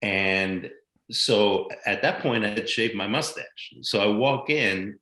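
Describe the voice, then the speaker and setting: An older American man tells career stories with animated, blunt energy and a few curse words. His voice sits fairly low. The sound carries a noticeable room echo. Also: slow pace. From United States. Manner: animated anecdotal storyteller, blunt and profane. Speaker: guest actor. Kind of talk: casual storytelling interview.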